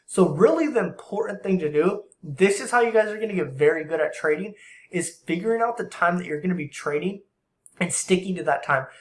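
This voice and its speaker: A young man giving a casual screen-share forex trading tutorial, talking in slang and acting out traders in quick asides. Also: sits high, echoey room. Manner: animated, acts out traders and market makers in quick asides; slang-heavy and conversational.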